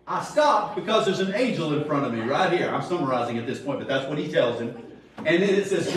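A man preaching in an animated, storytelling way and acting out the people in his stories. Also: a little high. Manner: animated storytelling, acts out quotes. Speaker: Sunday school teacher. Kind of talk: sermon. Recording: very echoey room, far from mic.

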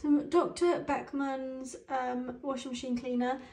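Casual chat to camera from a young British vlogger, recorded handheld and close in a small tiled home bathroom that rings with echo. Gushing and easily moved, she speaks in a high, light, slightly mellow voice with a level tone, unhurried.

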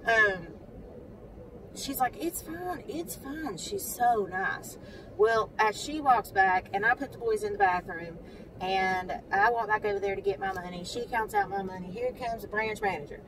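Woman, casual storytelling, phone mic a little far off, faint outdoor noise. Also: moderate pace. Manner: animated, talks to the camera, acts out others' lines in a high voice. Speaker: mother telling a story. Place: parked car outside a credit union.

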